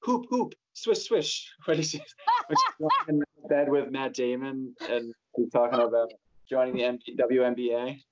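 A man of middle pitch talks hesitantly, teasing and searching for words. The recording is slightly dull and lo-fi. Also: big pitch swings, normal speed. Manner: hesitant, teasing, with many fillers. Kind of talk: casual movie chat.

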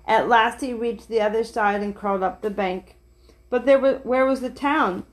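A woman reading a children's picture book aloud in a gentle, steady way, with small slips and restarts. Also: on the high side, normal speed.

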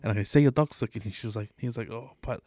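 A man's voice: fairly low pitch, very fast, dark tone, dry recording. Man, casual chat, curses freely, acts out quotes, dry recording. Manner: swears freely, tells stories acting out quotes. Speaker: podcast co-host.

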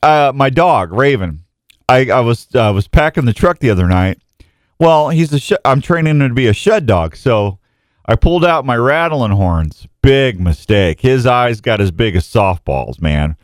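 A man's voice: mid-range voice, lively intonation, moderate pace. A middle-aged radio host chats loosely in a studio, his voice rising and falling freely as he rambles. He restarts sentences constantly and pokes fun at himself. The sound is close and dry, with no room echo. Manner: rambling, self-mocking, jokey, many restarts. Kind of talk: casual morning radio chat.

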